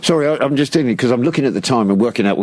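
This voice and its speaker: Quick-talking man presenting radio. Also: medium pitch, expressive, darkish tone. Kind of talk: casual radio chat. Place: radio studio. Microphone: studio microphone.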